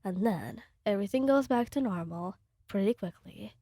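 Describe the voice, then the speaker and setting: A woman reading her own fan fiction story aloud in a soft, unhurried storytelling manner, sometimes close to a whisper. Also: medium pitch, lively intonation, no echo.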